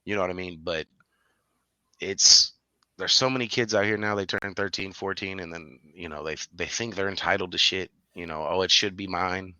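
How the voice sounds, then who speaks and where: A man co-hosting a podcast, chatting casually and telling stories animatedly, with bursts of high-pitched laughter. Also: fairly even intonation, moderate pace, sharp tone, clear, resonant tone, no echo, dull audio. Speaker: podcast co-host. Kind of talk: casual chat.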